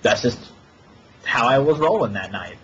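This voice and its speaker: A man of mid pitch rambles through a story with crude, sarcastic asides. The audio is dull and lo-fi with a faint hiss under it. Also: animated, normal speed, fairly bright tone. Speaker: podcast co-host. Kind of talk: casual ranting storytelling.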